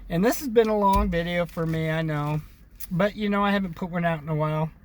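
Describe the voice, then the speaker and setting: Ranting male vlogger, American, slightly high, preachy, repetitive. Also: fairly quick. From United States. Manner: ranting, preachy, repeats himself; addresses viewers as brothers and sisters. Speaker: video blogger. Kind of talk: casual opinion monologue to camera.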